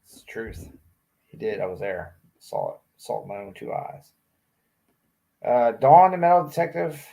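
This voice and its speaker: A man livestreams from a small, hot indoor room, casually reading viewer comments aloud, joking, chatting and often laughing. His medium-pitched voice is expressive, gravelly and dark, at a moderate pace with long pauses.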